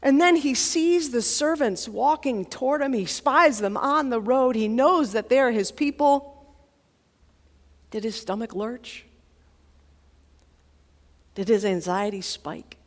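A woman college chaplain preaching a sermon in a relaxed, conversational storytelling manner. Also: a little high, takes it slowly, long pauses. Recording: long hall reverb.

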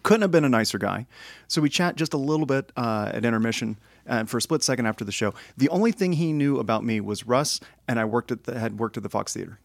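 Animated man telling a story. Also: medium pitch, quick pace, gravelly, no room sound, clean studio sound. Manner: animated storyteller, acts out quotes. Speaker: podcast co-host. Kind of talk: casual chat.

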